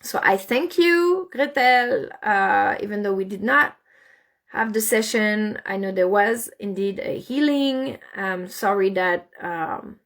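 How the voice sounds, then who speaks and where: Woman with a gravelly voice, animated storytelling. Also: medium pitch, slow. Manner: animated, repeats and restarts words. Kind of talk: casual spoken storytelling.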